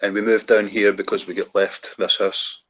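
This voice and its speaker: A man's voice: fairly low pitch, level tone, normal speed, fairly bright tone, poor audio. A middle-aged Scottish man in casual chat, telling stories in an easygoing way. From Scotland. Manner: easygoing storyteller.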